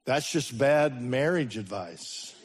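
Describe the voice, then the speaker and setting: A man preaching a sermon as the pastor, his voice swinging between sudden loud rises and slow, hushed drops. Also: mid-range voice, lively intonation, husky.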